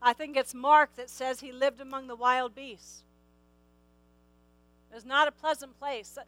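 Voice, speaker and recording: A woman's voice: high-pitched, steady tone, a little slow, fairly bright tone, no room sound, rough recording. A middle-aged woman preaching a sermon, emphatic, repeating key phrases and asking the listeners questions.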